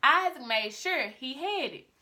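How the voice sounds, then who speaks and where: A woman's voice: sits high, lively intonation, a little slow, bright, forceful tone. Chatty woman retelling a Bible story. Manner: chatty, addresses viewers. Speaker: vlogger.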